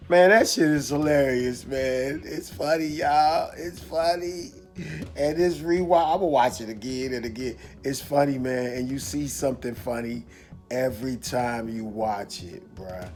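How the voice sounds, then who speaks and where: A man's voice: fairly high pitch, a little slow, a little mellow, faint music behind. A man giving a casual video review of a movie, rambling, repeating himself and restarting his sentences.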